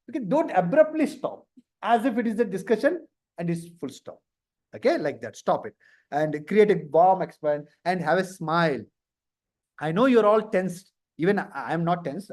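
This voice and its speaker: A man coaching students through a live career lesson, often acting out nervous candidates and laughing. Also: high-pitched. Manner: lively, acts out candidates in mock interview snippets. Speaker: career trainer.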